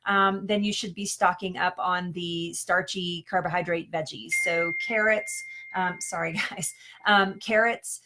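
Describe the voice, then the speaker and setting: A woman's voice: on the low side, fairly even intonation, a little slow, very noisy. A woman health coach chatting casually on a live stream, answering questions with lots of ums and restarts and frequent laughs.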